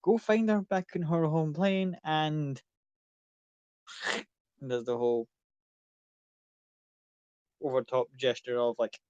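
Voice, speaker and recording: A man's voice: on the high side, fairly even intonation, slow pace, long pauses, a little mellow, smooth, no room sound, muffled recording. Casual man running a tabletop game. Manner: casual, rambling narration. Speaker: game master.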